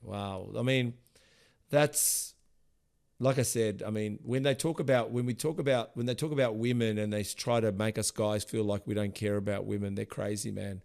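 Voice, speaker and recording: A middle-aged man hosting a podcast interview, rambling and emotional, sometimes loud and animated. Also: fairly low pitch, moderate pace, vocal fry. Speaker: podcast host. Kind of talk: casual interview chat.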